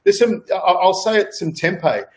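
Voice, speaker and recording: Rambling Australian man, fairly high voice. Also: lively intonation, normal speed, darkish tone. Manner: rambling, repeats words, many fillers. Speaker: celebrity chef guest. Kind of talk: casual chat on a video call.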